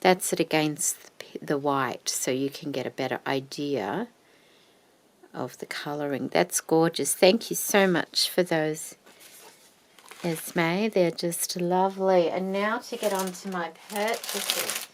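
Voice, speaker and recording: Slow, gravelly-voiced woman gushing softly. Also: lowish voice, slight background noise. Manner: gushing and admiring, often sinking to a soft whisper. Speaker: craft vlogger. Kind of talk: casual show-and-tell haul.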